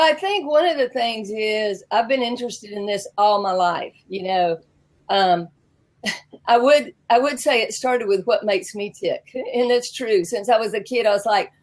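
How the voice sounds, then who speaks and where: A woman with a Southern US accent, guest in an interview, talking in a chatty, animated way and often laughing. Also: mid-range voice, low-quality recording. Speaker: interview guest, founder of a personality tool. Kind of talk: casual interview talk.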